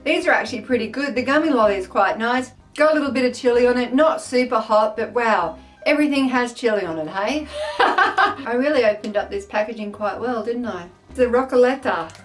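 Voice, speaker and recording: A woman with an Australian accent chats through a casual taste-test vlog, her voice sitting a little higher than most. She talks in an exclamatory, self-mocking way, with faint music playing softly underneath. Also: lively intonation, a little fast. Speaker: food taste-test vlogger.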